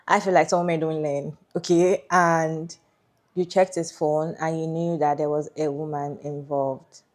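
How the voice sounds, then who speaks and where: Woman, very low voice, opinionated commentary, pauses to think. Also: darkish tone. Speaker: commentator reacting to a story. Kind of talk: casual commentary.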